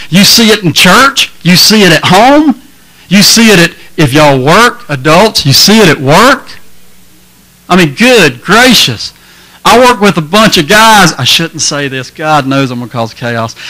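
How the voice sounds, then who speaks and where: A middle-aged preacher with a drawl works a big room. He sits a touch high for a man and keeps things folksy, teasing and full of crowd banter. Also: sharp tone, rough recording. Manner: folksy, joking, crowd-engaging. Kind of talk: lively sermon to a youth crowd. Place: large hall with a crowd.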